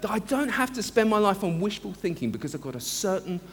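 A pastor preaches in an earnest, emphatic manner, his voice high for a man and swinging widely in pitch. He slows down to lean on key phrases. A long church reverb and a faint hum of room ambience surround him. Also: big pitch swings. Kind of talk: sermon.

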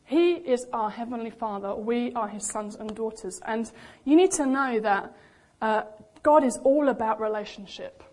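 A young woman preaching a sermon in a lively, animated way, acting out the voices she quotes. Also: fairly high pitch, normal speed, few pauses. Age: young adult.

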